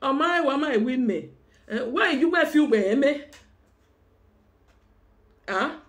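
A Nigerian woman talking fast in a heated exchange, switching between languages and scolding the other person. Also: high voice, animated. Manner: rapid, mixing languages, scolding. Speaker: guest.

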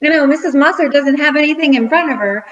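A middle-aged woman teacher giving a cheerful video lesson to young children, counting out rhythms slowly and clearly. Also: high voice, muffled recording. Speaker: school teacher.

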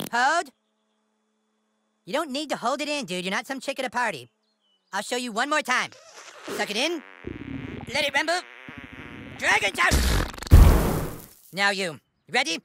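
A man's voice: very high voice, a little hiss or hum, exaggerated voice. A man voicing a bossy, scheming boy who plays a wizard leader, talking in a pompous, commanding way in a video game. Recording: game audio over loud music.

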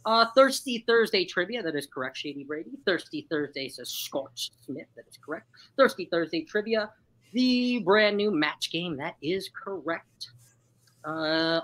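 A woman with a lowish voice runs a trivia game on a live stream, chatty and upbeat, often laughing as she reads replies from the chat. The audio is poor.

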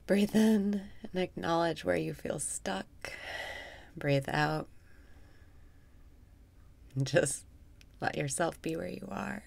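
A woman leads a guided meditation in a low, gravelly voice, taking her time over every phrase. She talks softly, often sinks into a whisper, and laughs wryly at herself between instructions. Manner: slow, soft-spoken, often dropping to a whisper, with wry self-mocking laughs.

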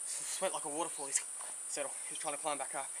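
An Australian man with a fairly high voice speaks quickly and flatly as he handles a venomous snake outdoors in bush country. Sweaty and slightly winded, he alternates soothing murmurs with keen explanation, and crickets and insects buzz loudly around him.

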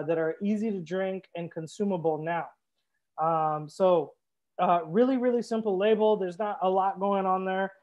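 On a lo-fi recording, a young man with a high-pitched, darkish voice runs a live wine tasting as its host and sommelier. He keeps things chatty and cheerful, talking directly to the people watching.

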